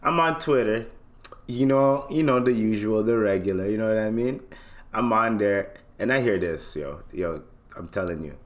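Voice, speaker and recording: A man's voice: lowish voice, animated, moderate pace. A man hosting a podcast in loose, slangy casual chat, often checking in with listeners. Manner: loose, slangy, keeps asking "you know what I mean". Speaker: podcast host.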